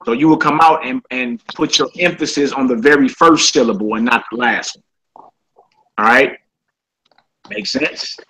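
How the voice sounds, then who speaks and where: Bright-voiced man teaching Hebrew. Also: mid-range voice, moderate pace, pauses often, breathy edge, poor audio. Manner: relaxed, repeats words, checks in with "all right?". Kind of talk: casual classroom teaching.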